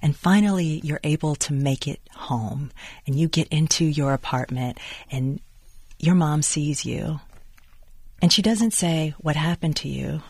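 Interviewer, mid-range voice, dry sound, deliberate questions. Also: medium pitch, darkish tone, slightly rough, no echo.

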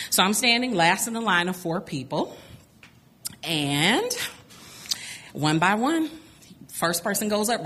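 Middle aged lady telling a funny story live, bright punchy voice, laughs a lot. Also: mid-range voice. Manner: animated, laughs often between lines.

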